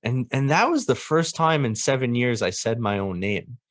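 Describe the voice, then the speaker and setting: A man's voice: medium pitch, lively intonation, normal speed, fairly bright tone, dry recording, studio quality. A young man as a podcast guest, telling a personal story earnestly and animatedly, laughing often.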